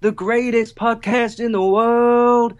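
A man's voice: very high-pitched, flat delivery, voice pushed up. A man putting on a grand circus ringmaster voice for a podcast intro, drawing his words out. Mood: bombastic. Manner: grand, drawn-out showman delivery. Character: booming circus ringmaster announcing the show.

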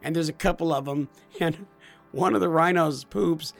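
A man's voice: on the high side, moderate pace, gravelly, faint music behind. A man, co-hosting a casual chat and telling jokey, self-deprecating stories about his son. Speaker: podcast co-host, father.

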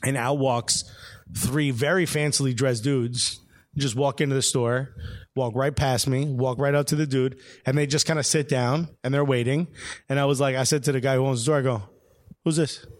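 A man from Brooklyn, co-hosting a casual soccer chat show, telling stories in an animated, slangy way and laughing often. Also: medium pitch, normal speed. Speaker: show co-host.

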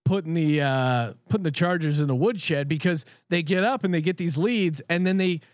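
A man's voice: fairly high pitch, moderate pace, dry recording. Blunt, profane sports-betting co-host man. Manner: blunt and profane, candid picks. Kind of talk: casual sports betting chat.

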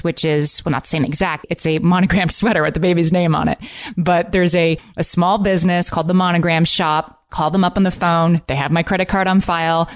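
Chatty woman, low-pitched. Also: clean tone. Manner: chatty, enthusiastic storyteller. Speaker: podcast co-host. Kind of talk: casual chat and read sponsor ad.

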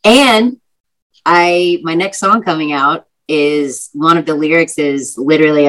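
Low-voiced chatty young woman. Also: normal speed, a bit bright, poor audio. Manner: chatty, many "like" fillers, vivid retelling. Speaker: actress and singer, guest. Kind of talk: casual interview storytelling.

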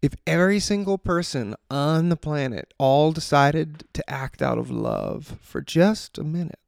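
A man's voice: on the high side, animated, measured pace, vocal fry, no echo, clean studio sound. A man briefly imitating an idealistic male musician preaching love and world peace, in an earnest, pleading way.

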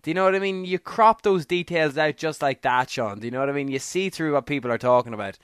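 A man's voice: fairly high pitch, fast talker, a bit bright, clear, resonant tone, no echo, clean studio sound. A man co-hosting a podcast in casual chat, who keeps adding "do you know what I mean?". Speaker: podcast co-host.

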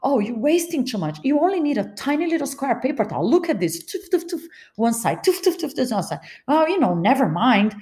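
A woman's voice: a little high, very animated, a little fast, few pauses, darkish tone. A woman voicing her irritable ex-boyfriend, a grown man who scolds, curses and lectures her over small things. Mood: lecturing. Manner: scolding, cursing, exasperated. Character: irritable stingy boyfriend, man, adult, quick to rage.

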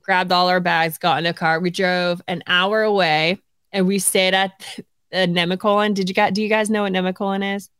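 A woman's voice: on the low side, normal speed, clear, resonant tone, dry recording. A woman in her forties, co-hosting a podcast, telling a story in casual chat, laughing often and acting out what others said. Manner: animated, laughing often, acts out quotes. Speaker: podcast co-host.

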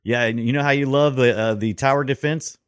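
A man's voice: mid-range voice, steady tone, brisk, dry recording, clean studio sound. A man co-hosting a podcast, chatting casually and making playful, jokey interjections. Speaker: podcast co-host. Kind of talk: casual gaming chat.

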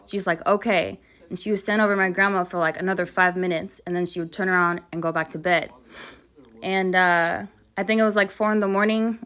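A woman's voice: on the low side, pushed and bright. A woman casually telling a creepy story from her childhood, rambling with lots of "like" and quoting her family. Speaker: guest storyteller.

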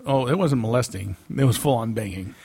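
A middle-aged man co-hosting a casual podcast, throwing in quick jokes and wisecracks. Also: mid-range voice, creaky, warm tone, breathy edge. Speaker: podcast co-host. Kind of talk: casual chat.

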